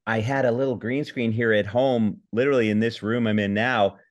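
A man from Indiana, a comedy writer, chatting as a podcast guest from his home, self-deprecating and halting, with restarts and laughs. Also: medium pitch, steady tone. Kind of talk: casual interview chat.

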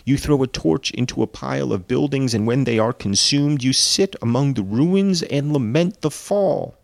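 A man reading aloud as a stern, indignant man rebuking a fiend, in a measured, deliberate delivery. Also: medium pitch, gravelly, no room sound, pitched above the performer's own voice, lightly acted.

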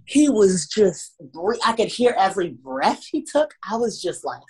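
Woman, young, Washington D.C. accent, husky, lively pitch swings, acts out stories, laughing. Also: moderate pace. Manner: animated, laughs often, acts out moments. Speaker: pro wrestler, guest. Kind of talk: casual interview chat.

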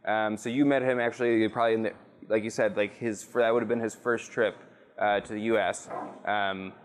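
A man with a smooth, resonant voice and mid-range pitch, talking through a long story in an easygoing, foul-mouthed way. He is a guest being interviewed, recorded at a bar. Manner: loose, profane and chatty, with many fillers. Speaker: guest, rum brand representative. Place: rum bar.

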